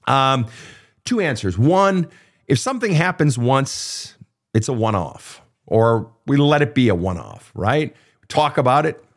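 A middle-aged man, a relationship counselor hosting his show, giving blunt, profane, emphatic advice in a casual monologue. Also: mid-range voice. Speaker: relationship counselor and podcast host.

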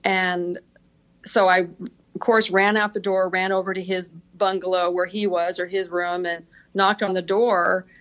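A woman's voice: on the low side, little pitch movement, measured pace, a bit bright, highs cut off. A middle-aged woman, a podcast guest, telling work stories casually and laughing often. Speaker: podcast guest, senior executive assistant. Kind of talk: casual interview storytelling.

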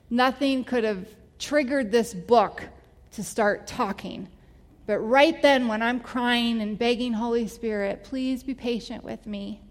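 Candid woman telling a testimony in a hall. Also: on the high side. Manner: candid, emotional storytelling. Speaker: speaker giving a personal testimony. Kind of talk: personal testimony talk. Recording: long hall reverb.

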